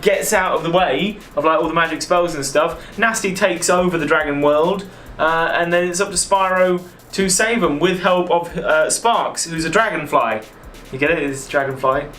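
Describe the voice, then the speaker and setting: Man, game channel host, jokey voice-over narration, high-pitched, roomy echo. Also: moderate pace, hardly any pauses, a bit bright, faint music behind. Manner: chatty, jokey storytelling.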